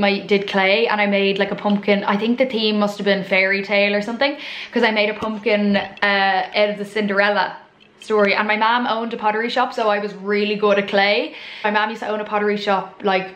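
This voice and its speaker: A woman's voice: medium pitch, fairly bright tone. A woman in her twenties with an Irish accent, rambling casually as she cooks and chats to camera. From Ireland. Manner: rambling, chatty, many fillers and asides. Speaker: vlogger. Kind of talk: casual chat while cooking. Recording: echoey room.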